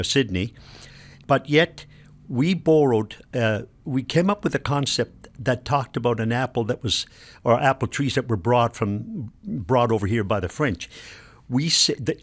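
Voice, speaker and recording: Older man patiently explaining words. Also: mid-range voice. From Nova Scotia, Canada. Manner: patient, explains word by word with examples. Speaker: elder and linguist guest. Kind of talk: explanatory radio conversation.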